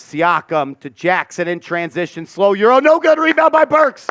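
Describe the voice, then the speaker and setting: A man hosting a fan watch party, calling play-by-play in an excitable, profane, mocking way. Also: high-pitched, moderate pace, a little hiss or hum.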